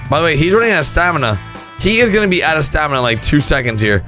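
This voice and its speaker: A young man commentating on gameplay clips with excited outbursts and shouts. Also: a little high, racing, faint music behind. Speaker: gaming commentator.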